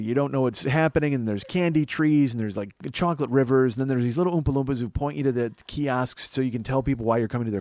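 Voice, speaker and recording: Mellow and medium-pitched, with no room sound, a man in his 40s hosts a podcast and tells a meandering, self-mocking funny story. He swears a great deal, and his voice goes higher as he acts out the panic he felt.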